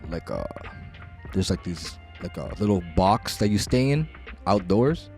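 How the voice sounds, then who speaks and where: A man's voice: deep voice, big pitch swings, unhurried, darkish tone, soft background music. A man co-hosting a podcast, talking loosely and joking with friends, swearing often. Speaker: podcast co-host. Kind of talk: casual chat.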